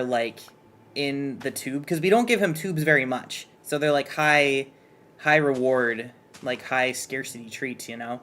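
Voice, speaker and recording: This medium-pitched man has a sharp tone and talks at home in an unsure, wandering way, often starting his sentences over out of nerves. He is the streamer's partner, appearing as a guest artist in a casual chat.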